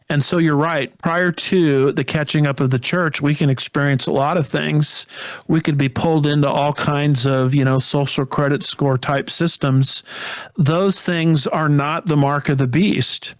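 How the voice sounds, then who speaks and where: A man's voice: fairly high pitch, no echo. Male pastor explaining prophecy, dry sound. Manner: measured, teaching. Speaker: pastor and theologian guest.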